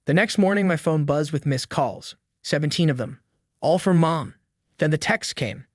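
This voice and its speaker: A man's voice: a little high, moderate pace, dry recording, clean studio sound. A man reading a scripted first-person drama story in a somber, earnest way. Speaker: narrator.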